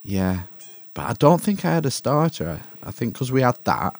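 A man's voice: medium pitch, sing-song, normal speed, gravelly, dry recording. A man casually chatting on a podcast, telling a story with laughs and casual swearing. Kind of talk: casual chat.

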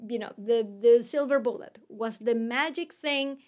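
A woman's voice: fairly high pitch, measured pace. A middle-aged woman hosting her own podcast, telling a candid story that rises to emphatic points. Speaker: podcast host and business coach. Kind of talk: solo podcast monologue.

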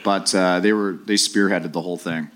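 Middle-aged man, ex-player, low voice, animated live-podcast storyteller. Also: normal speed, clear, resonant tone. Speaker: former hockey player guest.

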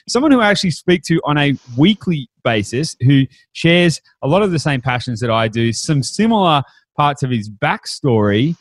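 A man's voice: a little high, sing-song, moderate pace, no echo. A man hosting a podcast, chatting upbeat with fillers and restarts. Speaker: podcast host. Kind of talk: casual podcast chat.

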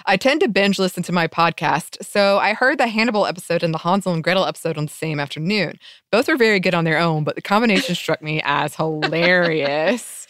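A woman's voice: lowish voice, brisk, no echo, clean studio sound. A woman co-hosting a podcast, chatting casually and reading out listener mail with frequent laughter. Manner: chatty, laughs often, animated when reading. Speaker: podcast co-host.

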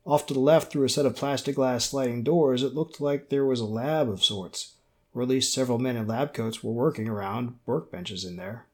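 This scripted audiobook reading of a novel comes from a man whose pitch sits at an ordinary middle. His delivery is steady, even and unhurried.

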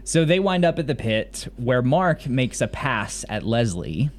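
Very animated and a bit slow, his medium-pitched voice carries only traces of his Mississippi roots, now mostly general American. He co-hosts a podcast, enthusiastically rambling through a casual recap of a TV episode.

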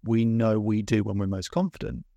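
A man's voice: fairly low pitch, steady tone, moderate pace, vocal fry, mellow, dry recording, dull audio. A man coaching a client, encouraging and asking probing questions. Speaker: confidence coach. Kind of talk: coaching session.

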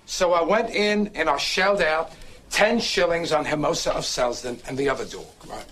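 A man's voice: on the high side, moderate pace, a bit bright, natural voice. A man putting on a bad fake Cockney accent, impersonating a film star telling a rambling horse-race story. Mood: rambling, aggrieved. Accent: overdone fake Cockney. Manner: rambling anecdote, up-and-down rhythms. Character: movie star's clumsy Cockney man recounting a horse-race day.

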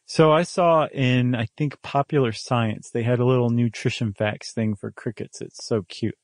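A man co-hosting a podcast in casual, playful chat, joking and animated. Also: medium pitch, moderate pace, dry recording, studio quality. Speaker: podcast co-host.

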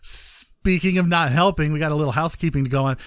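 A man's voice: fairly high pitch, fast, smooth, dry recording, studio quality. A man hosting a casual gaming podcast, joking and rambling with lots of fillers. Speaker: podcast host.

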